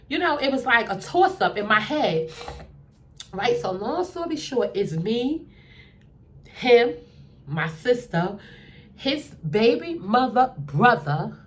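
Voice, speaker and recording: A young adult woman telling a dating story in a casual, animated way, acting out what people said in a lowered voice. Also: a little hiss or hum.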